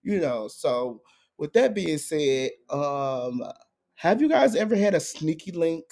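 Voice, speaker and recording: A young man co-hosting a podcast, telling a story in casual chat and jumping into high, excited voices. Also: slow. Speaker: podcast co-host.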